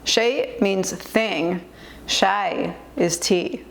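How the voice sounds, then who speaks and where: A young woman hosting a reaction video, explaining words in a chatty way with quick asides. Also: medium pitch, gravelly, a little hiss or hum. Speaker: host, Arabic linguist. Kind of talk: reaction commentary.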